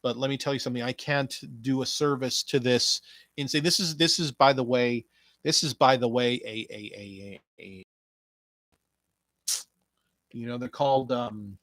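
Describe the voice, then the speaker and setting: A man's voice: mid-range voice, moderate pace, a bit bright, no echo. Sarcastic guy ranting on his podcast, swears a lot, dry close sound. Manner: ranting, sarcastic, stumbling restarts. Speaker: podcast host. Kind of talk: rambling profane wrestling commentary.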